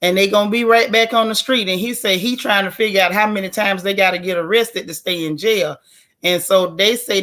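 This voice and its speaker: Raspy woman chatting. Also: mid-range voice, a little fast, a bit bright. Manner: chatty, folksy and outspoken, with Southern colloquial phrasing. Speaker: live stream host reading viewer comments. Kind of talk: casual live-stream chat.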